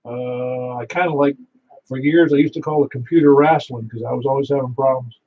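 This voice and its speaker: This husky, talkative man from Niagara Falls, New York, serves as net control on an amateur radio net, swapping stories and laughing readily. He speaks briskly in a mid-range voice with a steady tone, heard over muffled, lo-fi radio.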